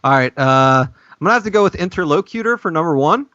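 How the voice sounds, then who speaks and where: A man's voice: fairly high pitch, fast, no echo, muffled recording. A man riffing goofily and crudely on a comedy podcast. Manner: goofy, animated, crude. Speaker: podcast regular.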